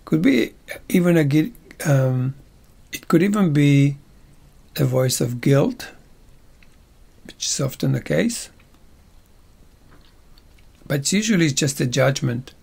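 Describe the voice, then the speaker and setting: Slow, gravelly male teacher. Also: a little high, animated, a little mellow. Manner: playful, checks in with tag questions. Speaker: workshop teacher. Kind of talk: casual guided teaching.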